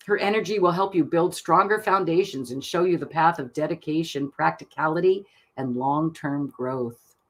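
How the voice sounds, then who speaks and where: A woman giving card readings on a live stream, reading out card texts in a soft, gentle manner and laughing often. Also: low-pitched. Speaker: tarot card reader.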